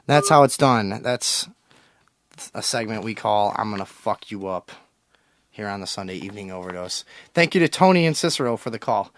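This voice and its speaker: Crude, swearing radio host. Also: male voice, on the low side, animated, moderate pace, no echo, clean studio sound. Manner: crude, loose, swearing, mock-aggressive with callers. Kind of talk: profane call-in radio talk. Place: small radio studio.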